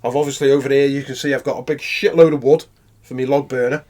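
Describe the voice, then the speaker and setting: A man co-hosting a podcast, chatting casually and getting loud and laughing when he tells a story. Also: mid-range voice, fast. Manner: relaxed chat that turns loud and laughing in anecdotes. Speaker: podcast co-host. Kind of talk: casual chat.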